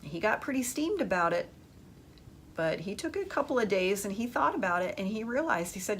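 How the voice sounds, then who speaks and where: A woman's voice: medium pitch, sing-song, a little fast. A woman talks through dating advice in a podcast monologue. Her voice sits in a middle register. She speaks emphatically but keeps a casual, conversational feel as she turns to her listeners. A faint background hum runs underneath.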